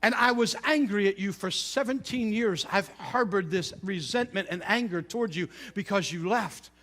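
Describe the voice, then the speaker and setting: Middle-aged pastor, very high voice, storytelling sermon style, swings from loud to hushed. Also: male voice, normal speed.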